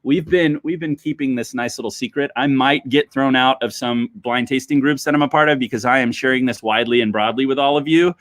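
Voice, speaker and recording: A man's voice: mid-range voice, a little fast, few pauses, fairly bright tone, dry recording. A man hosting a livestreamed wine lesson as a sommelier, talking chattily to his viewers, calling them guys and checking in with them often. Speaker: sommelier host.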